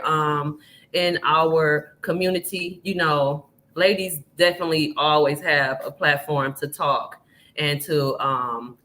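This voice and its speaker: A woman's voice: low voice, a bit bright. A woman guest on a live video-call podcast, speaking in a cheerful, affirming way. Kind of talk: casual podcast chat.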